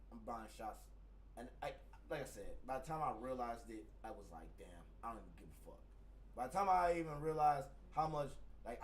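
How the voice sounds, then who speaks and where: A man in casual chat, telling a profane story and acting out heated exchanges. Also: mid-range voice. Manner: profane, animated storytelling, acts out heated quotes. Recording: distant mic, faint background noise.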